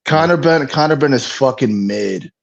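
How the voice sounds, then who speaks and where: A man guest in a casual boxing chat, talking haltingly and filling pauses with "listen" and "yo". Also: medium pitch, lively intonation, gravelly.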